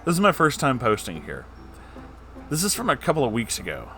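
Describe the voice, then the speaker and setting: A man's voice: medium pitch, huge pitch swings, a little fast, a bit bright, faint music behind. A man reading a comedy story aloud and breaking in with sarcastic, joking asides. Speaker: story reader.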